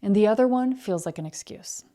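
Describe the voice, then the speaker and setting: A woman's voice: mid-range voice, lively intonation, fairly quick, mellow. A woman hosting a podcast, giving a blunt, emphatic motivational talk about excuses and being busy. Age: adult, married. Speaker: podcast host.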